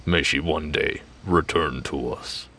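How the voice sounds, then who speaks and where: A man voicing Agnesiman, a solemn, gruff figure leading a funeral in a tabletop game. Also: a bass voice, slow, sharp tone, pitched below the performer's own voice, heavily acted.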